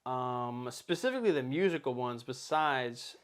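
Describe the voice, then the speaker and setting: A man's voice: mid-range voice, expressive, normal speed, smooth. Profane rambling young man host. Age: 20s. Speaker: podcast host. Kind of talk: casual chat.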